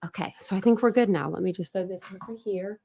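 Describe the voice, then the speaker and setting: A woman's voice: mid-range voice, quick pace, creaky, mellow. A woman hosting a casual livestream from home, chatty and apologetic, greeting viewers by name. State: a little out of breath. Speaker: livestream host. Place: home room with dogs.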